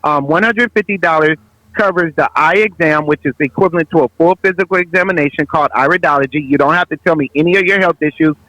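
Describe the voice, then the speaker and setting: A man giving a preachy, forceful talk on health as a guest naturopath. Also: a little high, quick pace, dry recording, rough recording.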